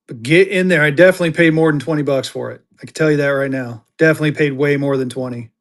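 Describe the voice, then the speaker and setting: A man with a fairly high-pitched voice talks quickly as he hosts a live online auction. Chatty and jokey, he banters with viewers while showing items in a casual selling style.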